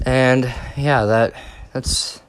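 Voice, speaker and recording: A man's voice: mid-range voice, fairly even intonation, drawn-out words, smooth, dry recording. A young man telling a casual storytime, rambling and swearing with many fillers and restarts. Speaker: vlogger.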